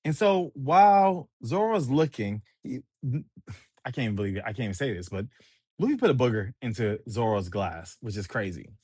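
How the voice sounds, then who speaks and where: Excitable guy recapping manga, voice all over the place, dry close mic. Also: mid-range voice, moderate pace, breathy edge, no echo. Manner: excitable, reads scenes aloud, laughs often. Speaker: manga reviewer. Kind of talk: casual chapter recap and commentary.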